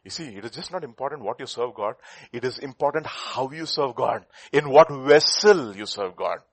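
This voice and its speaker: Preaching at a normal speed, a man with a husky, medium-pitched voice questions his congregation and relates a folk story to make his point. His delivery is animated, built on rhetorical questions and storytelling.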